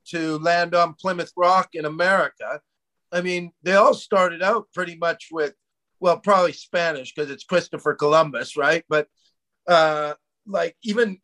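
A man's voice: sits high, fairly bright tone. A middle-aged man from Canada chatting casually as a podcast co-host, rambling, laughing and peppering his talk with "man". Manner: rambling, laughing, swears and says "man" a lot. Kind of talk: casual chat.

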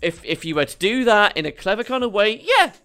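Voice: mid-range voice, fast talker, smooth, soft background music. Sarcastic commentary host. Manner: sarcastic, mocking, animated. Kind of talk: comedic news commentary.

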